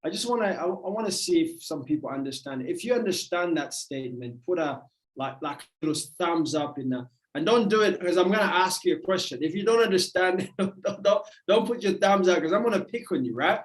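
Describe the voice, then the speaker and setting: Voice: mid-range voice, animated, brisk. A motivational speaker giving a livestream talk, emphatic and repetitive in a preacherly way. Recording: roomy echo.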